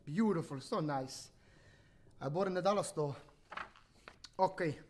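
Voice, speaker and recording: Chatty guy reading bedtime stories on a livestream, high voice, teasing jokes. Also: measured pace, a little mellow. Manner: jokey, chatty, teasing asides. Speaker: host reading a bedtime story. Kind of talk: playful livestream storytelling. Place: home livestream.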